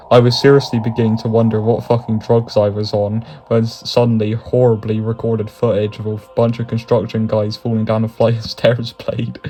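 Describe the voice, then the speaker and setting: Man, mellow dark voice, comedic narration, profane, chuckling, faint music behind. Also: mid-range voice. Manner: profane, chuckling through lines. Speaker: YouTube narrator.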